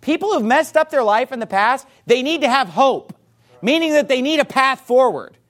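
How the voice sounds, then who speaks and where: A pastor preaching a sermon to a congregation, forceful and emphatic, with rhetorical questions. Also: male voice, very high voice, expressive, normal speed.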